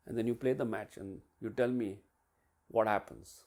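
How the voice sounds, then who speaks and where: Male business mentor, storyteller, voices swing widely in pitch and volume as he acts things out. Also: moderate pace. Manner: animated, acts out quotes and sounds with big swings in pitch and loudness. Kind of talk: storytelling coaching talk.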